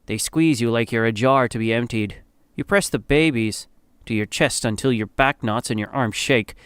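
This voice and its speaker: A man's voice: mid-range voice, moderate pace, smooth, dry recording, clean studio sound. Grave man narrating a somber story. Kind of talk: second-person dramatic story narration.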